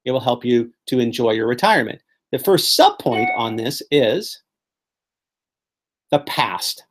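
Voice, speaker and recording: A man runs a live workshop on memory techniques, teaching a room full of people at a moderate pace, with background noise audible. His pitch swings up and down as he spins colorful little scenes, a playful, animated presenter who enjoys painting vivid pictures with words.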